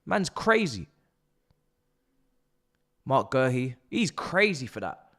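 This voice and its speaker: A young man hosting a live football watch-along, excitable and swearing, shouting at the players. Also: mid-range voice, takes it slowly. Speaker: live stream host.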